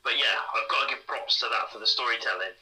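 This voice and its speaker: A man's voice: medium pitch, fast, over a noisy crowd, poor audio. A man co-hosting a podcast in casual chat, rambling with frequent ums and the odd swear word. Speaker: podcast co-host.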